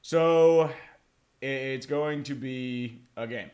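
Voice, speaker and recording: A young man hosts a live sports watch-along, chatting and joking casually in a profane, rambling way with dramatic swings. His medium-pitched voice is slow and a little mellow, and the recording has its highs cut off.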